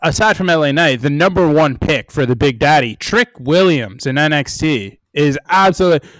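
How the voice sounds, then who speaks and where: Playful podcast guy, voice kinda high and jumps around a lot, dry close mic. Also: moderate pace, no echo. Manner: playful, animated, riffing with bits. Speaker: podcast co-host. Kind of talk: casual wrestling podcast chat.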